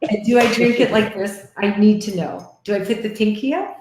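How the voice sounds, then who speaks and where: A woman with a Canadian accent hosting a live online chat, gushing and excitable in casual conversation. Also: medium pitch, roomy sound. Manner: gushing, excitable, quick to laugh.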